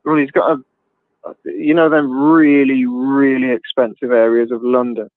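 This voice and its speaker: A man's voice: medium pitch, level tone, a little slow, dry recording. Blunt rambling man on a tinny line. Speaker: livestream host. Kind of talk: casual chat. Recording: tinny phone-like line, dry.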